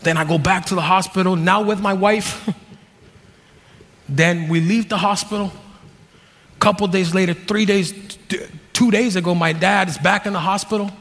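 High-voiced animated man preaching in a hall. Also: moderate pace, long pauses. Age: 30s. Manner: animated, joking, swings from low asides to shouted peaks. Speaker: pastor. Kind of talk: sermon. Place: church hall. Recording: long reverb of a large hall.

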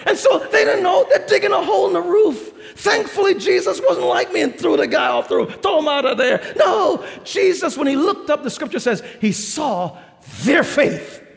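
Speaking at normal speed with few pauses, the pastor, a man with a New York accent, animatedly tells stories during a sermon in a large auditorium. His unusually high, gravelly voice rings out with long reverb as he laughs and shouts the punchlines.

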